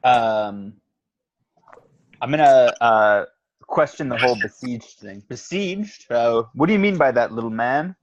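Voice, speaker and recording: A man playing in a tabletop game, talking in a hesitant, halting way. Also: mid-range voice, animated, muffled recording. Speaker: player. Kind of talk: tabletop role-play.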